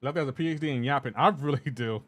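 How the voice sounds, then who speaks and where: A man's voice: medium pitch, racing. A man talking casually with his live chat while gaming, rambling and laid-back, often laughing. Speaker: livestreaming gamer.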